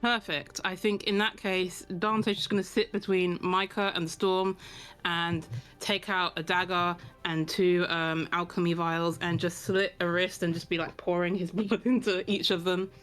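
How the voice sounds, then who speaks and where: A woman's voice: on the low side, flat delivery, a little slow, a bit bright, faint music behind. A woman playing a tabletop game, describing her character's actions in a playful, giggly way. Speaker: player. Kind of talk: casual tabletop play.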